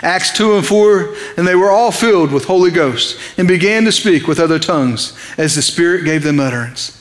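A man's voice: fairly high pitch, normal speed, big-room sound. A man preaching an evening sermon in a conversational, impassioned way, asking his listeners questions.

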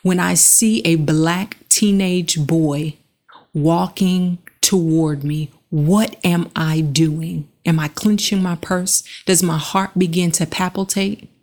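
Slow, earnest woman with a low voice. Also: fairly even intonation, darkish tone. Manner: earnest, measured, pausing between phrases. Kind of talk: reflective monologue with guided breathing.

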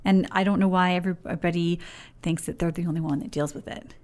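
A woman's voice: on the low side, fairly even intonation, a little fast, darkish tone. A woman co-hosting a podcast, asking questions in a chatty, curious way. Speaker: podcast co-host. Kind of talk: casual interview chat.

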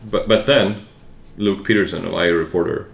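A man's voice: low voice, steady tone, a little fast, gravelly. A man co-hosting a podcast in casual chat, dropping dry teasing asides. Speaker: podcast co-host. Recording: echoey room.

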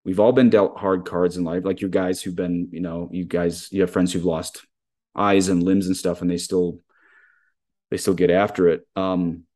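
A man's voice: deep voice, darkish tone. A man, a Catholic priest, hosting an interview and explaining ideas earnestly at length. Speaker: podcast host, Catholic priest. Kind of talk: conversational interview.

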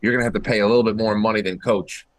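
A man with a lowish voice, animated and talky, who stumbles and restarts as he makes his point. He sounds like a casual guest riffing on a talk show. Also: very fast.

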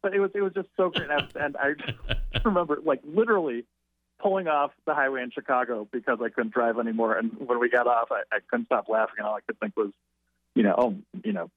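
A man who is a writer and interview guest, telling an anecdote in a rambling, halting way with frequent restarts. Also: mid-range voice, no room sound. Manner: halting, self-correcting. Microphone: telephone. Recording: tinny phone line.

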